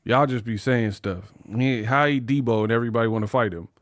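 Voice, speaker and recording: A young man hosting a live boxing stream, talking in animated slang. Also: mid-range voice, a little fast, no echo. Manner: animated, slangy, laughs at his own jokes. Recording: dry close mic.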